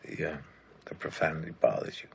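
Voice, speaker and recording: An actor playing an injured, bedridden male writer who speaks weakly and haltingly in a film scene. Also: extremely low pitch, gravelly, slightly rough, full character voice. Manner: weak, strained and halting. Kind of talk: film drama.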